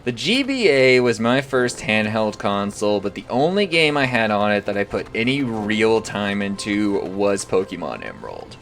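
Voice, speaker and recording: A man's voice: lowish voice, big pitch swings, normal speed, hardly any pauses, fairly bright tone, soft background music. A young man talking casually on a live stream, rambling and swearing freely.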